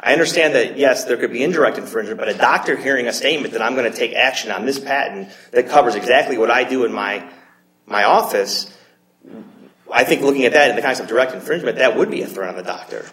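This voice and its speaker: A man, an attorney, arguing an appeal before judges in measured, hedged legal phrasing with frequent restarts. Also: mid-range voice, fairly bright tone. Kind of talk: courtroom oral argument. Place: courtroom. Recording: roomy courtroom echo.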